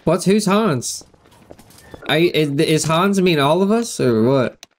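A man hosting a game video, chatting casually and excitedly in voice chat as he plays a role, often pleading and swearing. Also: on the high side, slow pace. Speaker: gaming video host.

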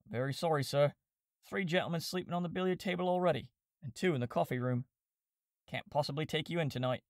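A man's voice: on the high side, fast talker, no echo, clean studio sound, pitched above the performer's own voice, natural voice. A man voicing an apologetic, harried innkeeper who answers in polite, clipped regrets in a storybook reading. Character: apologetic harried male innkeeper, turning guests away.

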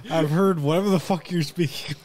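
A man's voice: on the high side, steady tone, fairly quick, darkish tone, a little hiss or hum. A man playing a tabletop game, joking and swearing in casual banter. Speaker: player.

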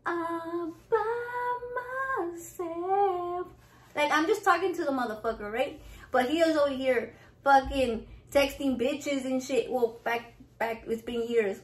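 A woman vlogger telling a story in a blunt, profane, animated way, acting out what people said. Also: high voice, moderate pace. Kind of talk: casual storytime vlog.

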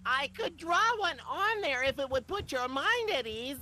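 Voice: high voice, animated, normal speed, bright, forceful tone, slight background noise. A woman voicing a manic male former child star who poses as a chirpy therapist in a cartoonish video game. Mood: manic cheer.

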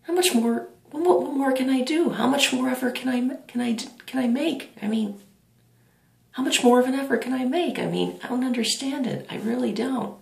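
A man voicing a whiny, awkward, lonely teenage boy who talks haltingly and repeats himself. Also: very high-pitched, gravelly, reverberant, pitched above the performer's own voice.

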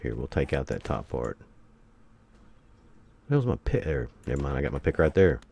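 A man giving excitable commentary while playing a survival game, taunting enemies and breaking into sudden loud outbursts. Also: rumbling low, normal speed, gravelly, slightly rough. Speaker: gameplay streamer. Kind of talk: let's play commentary.

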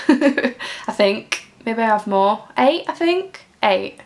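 Young woman, Mancunian accent, casual giggly vlogger with a gravelly fry. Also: a little high, lively intonation, slow, a little hiss or hum. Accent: Mancunian English. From Greater Manchester, England. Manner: chatty and giggly, reads fan questions aloud. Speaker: YouTuber. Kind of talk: casual Q&A vlog.

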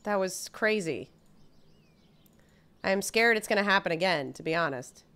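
A young woman chats through a gameplay livestream, bubbly and talkative with her viewers. Her voice is bright and lively. She sounds close to a desk mic at home. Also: mid-range voice, normal speed. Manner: chatty, bubbly, talks to viewers. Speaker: streamer.

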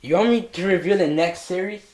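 A man's voice: sits high, a little fast, darkish tone, slight background noise. A male vlogger in a comedic scolding skit, swearing heavily and repeating mock threats and taunts.

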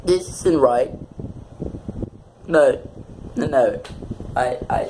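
A man's voice: medium pitch, drawn-out words, long pauses, darkish tone, a little hiss or hum, rough recording. A man reacting live to a TV episode, gushing and swearing constantly, with the show's music playing behind him. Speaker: TV reaction vlogger.

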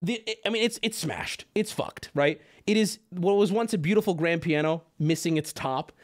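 A man livestreaming from his home setup, telling his chat a story in an animated, profane, self-mocking rant. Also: on the high side, normal speed.

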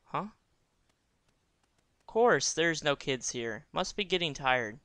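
A man's voice: fairly high pitch, expressive, slow, background noise. A young man giving casual gameplay commentary, joking and thinking aloud as he reads the game text. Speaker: let's play gamer.

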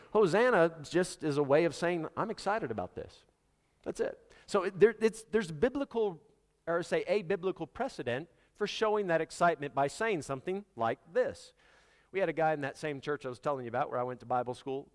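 A man preaching in a church, his voice sitting a little high for a man and trailing a long reverb through the hall. He talks in a loose, conversational way and jokes with the people in the pews. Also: expressive, moderate pace. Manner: conversational, joking with the congregation. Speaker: pastor. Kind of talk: sermon. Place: church sanctuary.

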